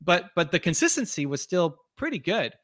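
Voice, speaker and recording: Man, podcast guest, earnest and motivational, slightly high voice, dry close mic. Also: sing-song, normal speed, a bit bright, no echo. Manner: earnest, motivational, many restarts and fillers. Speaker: podcast guest, video creator. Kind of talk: conversational interview.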